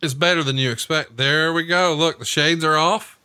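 Bright-voiced profane storyteller man. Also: on the high side, moderate pace, clean tone, dry recording. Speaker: podcast co-host. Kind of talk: casual commentary while watching wrestling.

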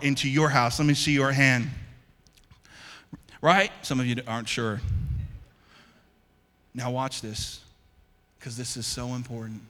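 In a church sanctuary with long hall reverb, a male pastor preaches a sermon emphatically and repetitively, calling out to his congregation and asking them to respond. His voice is on the high side, sharp in tone, with a measured pace.

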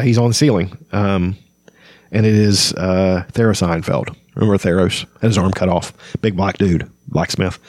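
A man reads a fantasy novel aloud and stops to chat about it casually. His voice sits low, and he often hesitates with fillers. The recording is close and dry. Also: darkish tone, dry recording. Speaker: book podcast host.

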